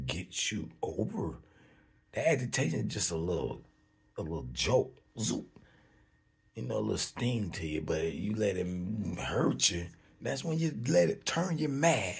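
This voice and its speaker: Gravelly, husky man ranting loosely. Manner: profane, animated, swings between loud outbursts and low mutters. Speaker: livestream host. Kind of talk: unscripted livestream monologue.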